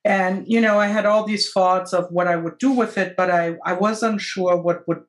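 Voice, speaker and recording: A woman with a non-native English accent, chatting casually on a video call as an artist and co-host, hesitant and full of fillers and pauses. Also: medium pitch, steady tone.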